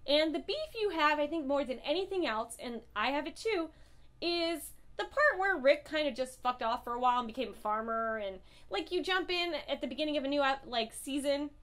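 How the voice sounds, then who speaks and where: A high-pitched young woman talks straight to camera about comic books. She is blunt and swears freely, gushing over what she loves and raging at what she hates. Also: animated, brisk, a bit bright. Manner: profane, impassioned and blunt. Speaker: comic book reviewer. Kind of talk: casual review vlog.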